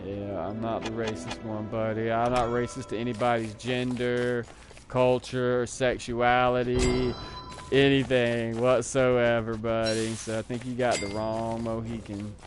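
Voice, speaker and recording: A man's voice: mid-range voice, flat delivery, measured pace. A man live streaming who chats in a casual, rambling and digressive way, talking back to his viewers. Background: music.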